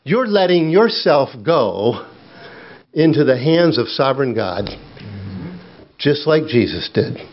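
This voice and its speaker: A middle-aged man preaching a sermon, slow and earnest, dropping low and quiet when he tells his own story. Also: very animated. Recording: dull lo-fi sound.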